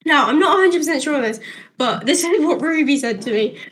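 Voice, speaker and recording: A woman's voice: sits high, a little fast, slight background noise. A teenage girl telling a school story on a casual podcast, acting out the dialogue and laughing as she goes. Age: teens. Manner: animated, acts out the dialogue, laughs through the story. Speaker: podcast co-host.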